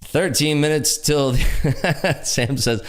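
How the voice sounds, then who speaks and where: A loud man with a big, projecting voice, chatting casually on his day-trading livestream and answering viewer comments with enthusiasm. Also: a little high, takes it slowly. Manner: lively, enthusiastic, frequent laughs.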